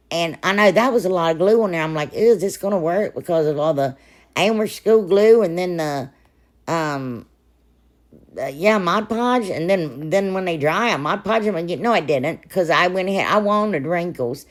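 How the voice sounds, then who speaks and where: A woman, hoarse and froggy from a sore throat, narrating a crafting video in a rambling, chatty way with lots of asides. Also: low-pitched. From Ohio, US. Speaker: crafting channel host. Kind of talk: casual DIY voice-over narration.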